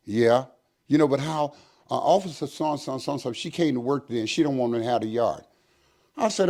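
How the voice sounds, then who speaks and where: A retired prison captain, now an older man, recounts a story during an interview, acting out the quoted speech of those involved. He talks fairly quickly with a medium-pitched voice and an animated manner.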